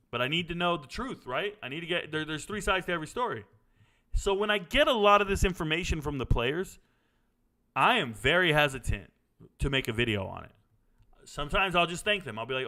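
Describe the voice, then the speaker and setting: A man's voice: on the high side, lively intonation, a little fast, pushed and bright. A middle-aged man hosting a casual sports Q&A, blunt and opinionated, wandering into stories. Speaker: sports commentary host answering viewer questions. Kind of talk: casual live Q&A chat.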